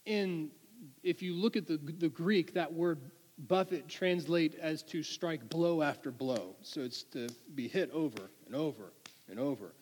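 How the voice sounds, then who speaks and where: Earnest preacher guy, kinda high voice, restarts a lot, long echo like a big church hall. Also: a little slow, darkish tone. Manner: earnest, conversational, frequent restarts. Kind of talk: sermon.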